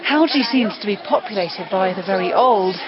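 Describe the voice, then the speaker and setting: A woman's voice: medium pitch, expressive, moderate pace, muffled recording, a loud crowd. A woman reporter narrating a documentary on location, descriptive and awed, slightly out of breath. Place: outdoors in a mountain village.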